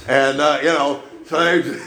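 A man's voice: fairly high pitch, fairly even intonation, a little slow, vocal fry, bright, forceful tone, reverberant, slight background noise, rough recording. A man preaching a sermon in a folksy storytelling way, often checking in with the congregation with "okay?". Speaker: pastor. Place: church.

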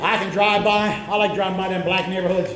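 A middle-aged male pastor preaching a sermon, telling stories and repeating words as he builds to shouted lines. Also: high-pitched, steady tone, fast talker, echoey room, crowd noise. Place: church sanctuary.

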